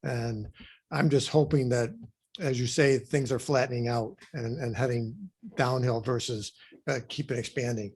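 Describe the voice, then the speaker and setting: Guy guest on a podcast, hesitant, lots of ums, mid pitch. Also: fairly even intonation, darkish tone, breathy edge. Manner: halting, many fillers and restarts. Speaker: guest, amusement park president. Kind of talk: casual interview answers.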